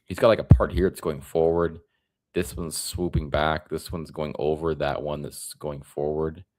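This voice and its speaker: A young man from Florida hosting a casual live stream, rambling in a tired, relaxed way. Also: a bass voice, moderate pace. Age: young adult.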